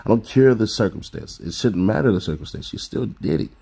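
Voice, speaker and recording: A man's voice: on the low side, expressive, a little fast, gravelly, dark tone, slightly rough. Blunt, profane man ranting on camera. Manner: addresses viewers directly with rhetorical questions. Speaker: commentary host. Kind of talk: reaction commentary rant.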